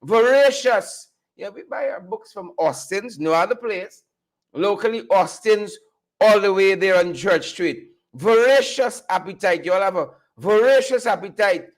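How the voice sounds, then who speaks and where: Man, middle-aged, high-voiced stream host, repetitive and playful. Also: lively intonation, normal speed. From Guyana. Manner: repetitive, playful catchphrases and chants. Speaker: livestream host. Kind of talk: energetic livestream hype talk.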